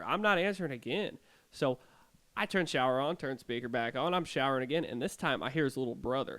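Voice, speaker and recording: A young man co-hosting a podcast, telling his ghost stories in an animated way with sarcastic jokes. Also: mid-range voice. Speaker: podcast co-host.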